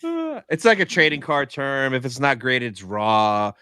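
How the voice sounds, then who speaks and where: A man's voice: medium pitch, expressive, measured pace, a crowd in the background. A man co-hosting a casual live discussion, enthusiastic and upbeat. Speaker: co-host.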